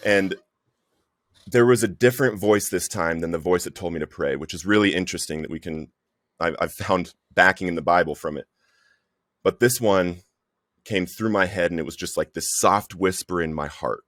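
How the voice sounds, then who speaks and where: Podcast guest, male, low-pitched voice, earnest storyteller, dry close sound. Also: normal speed, fairly bright tone, dry recording. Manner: earnest storytelling, says "bro" often. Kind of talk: personal recovery story.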